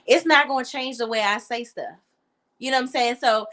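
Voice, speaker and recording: Blunt animated woman with a DC accent. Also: fairly high pitch, brisk. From Washington, D.C. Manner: blunt, animated, swears freely. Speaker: podcast co-host. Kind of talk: casual commentary chat.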